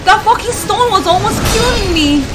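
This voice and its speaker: A woman streamer giving loud, frantic gameplay commentary, yelling and swearing as she plays. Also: very high voice, lively intonation, normal speed. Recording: game music behind the voice.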